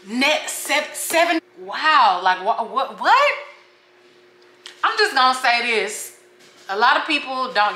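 A young woman vlogger ranting casually to her viewers at home, slangy and animated as she talks straight to camera. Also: lowish voice, a little hiss or hum. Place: home kitchen. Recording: echoey room.

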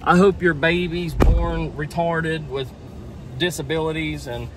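A man's voice: a little high, steady tone, measured pace, noisy background. A man vlogging, telling a personal story in a plainspoken, frank way with the odd curse word. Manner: plainspoken and frank, with occasional cursing.

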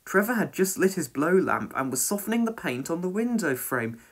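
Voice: mid-range voice, a little fast, breathy edge. A reader narrating a children's storybook aloud and voicing every character. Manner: expressive, reads every character in a different voice.

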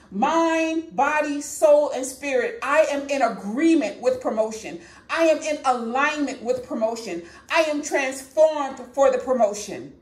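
A woman's voice: high-pitched, echoey room. A woman preaching a fervent prophetic sermon, emphatic and repetitive, often laughing between points.

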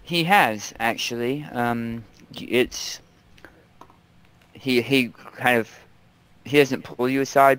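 A man's voice: medium pitch, slow pace, pauses often, fairly bright tone, smooth. A man narrating as game master of a tabletop game, chatty and laughing often, with frequent ums.

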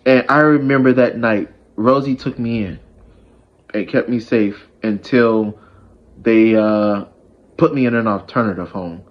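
A man's voice: lowish voice, unhurried, dull audio. Rambling man telling a story. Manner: rambling, many fillers and restarts. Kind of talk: casual storytime vlog.

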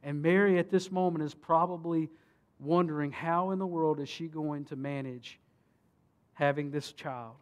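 A man, a pastor, preaching a sermon and reading scripture, swinging between emphatic peaks and hushed solemn passages. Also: a little high, normal speed. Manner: rhetorical questions to the congregation.

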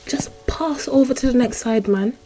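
A woman's voice: on the high side, normal speed, warm tone, low-quality recording. A young woman, commentating a horror game she is playing, jumpy and easily startled, with gasps and exclamations. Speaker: gaming YouTuber.

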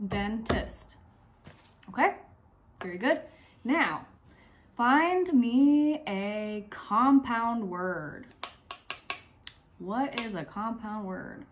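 Slow, encouraging woman teacher. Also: medium pitch, a little hiss or hum. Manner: slow, clear, encouraging teacher talk, asks questions and pauses. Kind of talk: recorded phonics lesson for young pupils.

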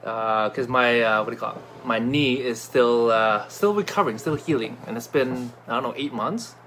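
A man chatting casually in a product review vlog, excitable and talkative, with many fillers and restarts. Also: mid-range voice, moderate pace, a little hiss or hum.

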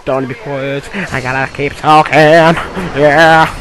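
A young man giving rambling, filler-heavy commentary over his own gameplay, with bursts of excitement. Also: a little high, a little slow, noisy background. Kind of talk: casual game commentary.

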